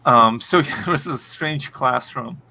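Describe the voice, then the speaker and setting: Bright-voiced man, halting casual talk. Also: mid-range voice, a little hiss or hum. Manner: halting, many fillers and restarts. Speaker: podcast co-host. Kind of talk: casual chat.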